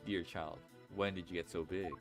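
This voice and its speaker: A man putting on a soft-hearted older gentleman in a game, fatherly and theatrical, prone to tears. The voice sits fairly low, with game music clearly playing behind. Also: steady tone, moderate pace, natural voice. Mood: sentimental, avuncular. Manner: grandfatherly and teary. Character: genial elderly man, sentimental, theatrical, fatherly. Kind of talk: fan voice-over of a game.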